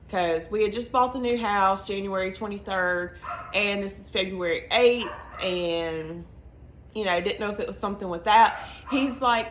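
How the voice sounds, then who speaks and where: A young woman with a Southern US accent telling her story to camera in a chatty, earnest way, racing through some phrases and slowing right down on others. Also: mid-range voice, a bit bright. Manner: chatty, earnest, quick bursts between slow emphatic phrases. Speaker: vlogger. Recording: echoey room with faint ambient noise.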